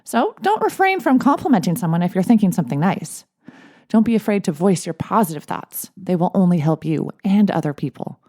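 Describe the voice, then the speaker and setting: A woman in her forties, a life coach and therapist, speaking in a gentle, encouraging podcast monologue. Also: lowish voice, sing-song, a little fast. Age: 40s. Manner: gentle, encouraging, with light laughs.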